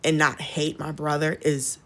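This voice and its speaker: A woman's voice: low voice, little pitch movement, measured pace, fairly bright tone. A woman podcast guest from the Southern United States telling candid family stories in a casual chat, blunt and laughing through them.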